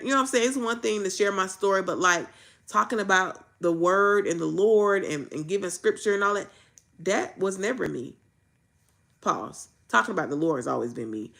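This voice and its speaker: A woman's voice: medium pitch, gravelly, fairly bright tone. A woman, talking rawly and emphatically, repeating phrases like a preacher. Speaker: faith vlogger. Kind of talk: candid faith vlog.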